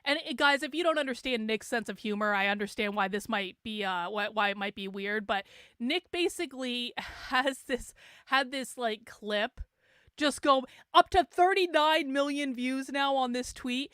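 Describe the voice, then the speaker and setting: A hungover woman hosts her livestream in a chatty, animated way. Her voice sits high and sounds smooth and clear. The recording is dry and close, with no room sound. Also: moderate pace, no echo. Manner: chatty and animated, laughs often. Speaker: show host. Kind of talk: casual livestream chat.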